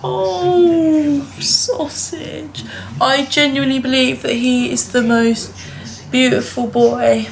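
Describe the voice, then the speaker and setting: A woman's voice: fairly high pitch, flat delivery, measured pace, gravelly, rough recording. A young woman from England, live-streaming casually from her home kitchen and cooing baby talk to her dog. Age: young adult. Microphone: phone livestream. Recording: loud crowd noise behind.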